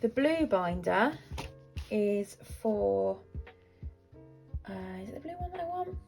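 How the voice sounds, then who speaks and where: A woman's voice: medium pitch, big pitch swings, slow, creaky, darkish tone, soft background music. A woman in her thirties, a budgeting vlogger chatting casually to camera in a rambling, self-deprecating way.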